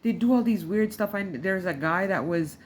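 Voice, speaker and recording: A woman's voice: mid-range voice, moderate pace. A middle-aged woman from the Caribbean, talking to camera in a rambling, frustrated way with many restarts. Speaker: vlogger. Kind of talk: casual talk to camera. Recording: faint background noise.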